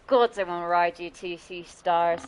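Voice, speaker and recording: A woman streamer doing a rough impression of a brash, flirty female barbarian. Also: lowish voice, fairly even intonation, moderate pace, slight background noise, voice pushed down, close to an everyday voice. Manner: unsure impression, admittedly off accent.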